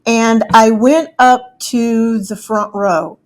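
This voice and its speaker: A woman's voice: fairly high pitch, fairly even intonation, slow. A middle-aged woman telling a personal story in a chatty way, acting out the people she quotes.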